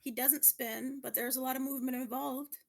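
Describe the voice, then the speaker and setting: A high-voiced woman hosting a trivia segment in a relaxed podcast chat. She giggles her way through the explanations and keeps the game moving. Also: a little fast, creaky. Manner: giggly, laughs often while explaining. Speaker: podcast co-host running a quiz. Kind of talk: casual chat.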